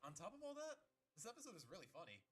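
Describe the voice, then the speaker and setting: A man reading a scripted cartoon-episode review in a brisk, upbeat way. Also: sits high, wildly swooping pitch. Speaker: video reviewer narrating.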